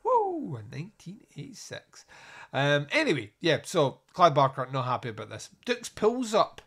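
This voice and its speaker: A man's voice: on the high side, sing-song, moderate pace, a bit bright. A man hosting a podcast, giving a casual, crude and jokey solo review of a film.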